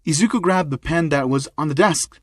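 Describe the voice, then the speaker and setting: A man narrating a fan-made action story with a plain, halting delivery. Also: a little high, dry recording, clean studio sound.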